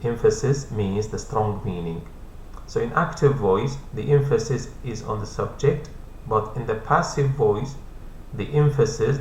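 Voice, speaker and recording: A man teaching an English grammar lesson, repeating each point slowly and patiently, speaking English as a second language with Arabic as his first. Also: mid-range voice. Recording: echoey room, faint hum.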